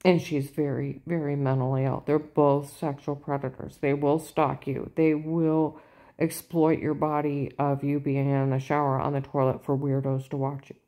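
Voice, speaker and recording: A woman in a casual monologue, insistent and repetitive, turning loud and emphatic. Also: low voice, flat delivery, normal speed. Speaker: vlogger.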